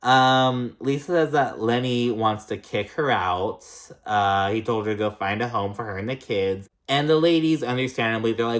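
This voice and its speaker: A man giving a casual recap of a reality TV episode. He talks loosely and swears a lot, fills his sentences with "like", and jumps between high and low pitch when he reacts. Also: moderate pace, hardly any pauses. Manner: chatty and profane, heavy use of "like".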